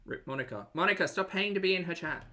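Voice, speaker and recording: A man's voice: sits high, lively intonation, quick pace, bright, forceful tone, slight background noise. A man with an Australian accent hosting a live-stream reaction, chatty and sarcastic as he reads out viewer messages. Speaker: commentary channel host.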